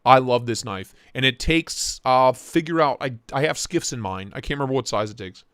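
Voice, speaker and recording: A young man hosting a casual knife livestream from his home office, excitable and joking as he reacts to chat. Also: medium pitch, normal speed, clean tone, dry recording, clean studio sound. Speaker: livestream host reviewing knives. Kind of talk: casual live-stream chat.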